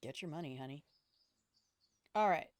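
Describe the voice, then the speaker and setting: A woman's voice: low voice, expressive, moderate pace, no echo. An older woman streaming a video game, chatting casually, thinking aloud and swearing freely. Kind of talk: casual gaming commentary.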